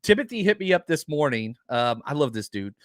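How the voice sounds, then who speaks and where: An energetic man hosts a live podcast, chatting with his viewers and rambling happily through his points with plenty of fillers. His voice sits a little high for a man. The sound is close and dry, with no room around it. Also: fairly quick, dry recording. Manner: enthusiastic, rambling with many fillers. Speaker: podcast host. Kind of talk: live-stream podcast chat.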